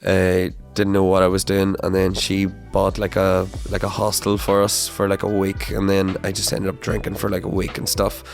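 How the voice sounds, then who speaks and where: A man's voice: low-pitched, monotone, moderate pace, vocal fry, few pauses, soft background music. A young man hosting a podcast, telling a personal story in a casual, rambling way, full of fillers, restarts and swearing. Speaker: podcast host.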